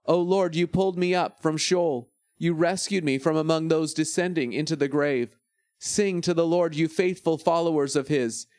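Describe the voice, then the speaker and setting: A man giving a steady, measured reading of scripture. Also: on the high side, no echo, clean studio sound. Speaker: scripture reader.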